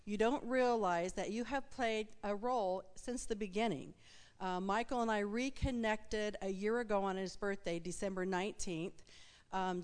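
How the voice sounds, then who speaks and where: A woman with a smooth, clear, mid-pitched voice speaks to a church congregation. She is friendly and conversational, talking as if to friends. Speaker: guest speaker. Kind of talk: casual church talk. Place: church sanctuary.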